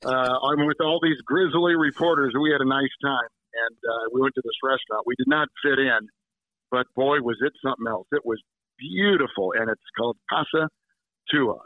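A man's voice: medium pitch, normal speed, dry recording. A man calling in as a guest, chatting casually with lots of restarts and fillers. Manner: rambling, warm storyteller with many restarts. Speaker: guest sportscaster. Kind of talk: casual chat by phone. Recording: tinny phone line.

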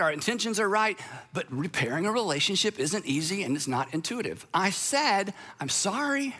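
A man's voice: on the high side, pushed and bright, big-room sound. A man preaching a sermon as pastor, in a conversational way, acting out quoted speakers.

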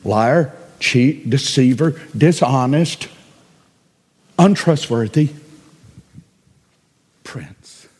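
A man preaching a sermon as a pastor, emphatic and repetitive, with sudden loud cries. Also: high voice, very animated, unhurried, pauses often, in a large hall.

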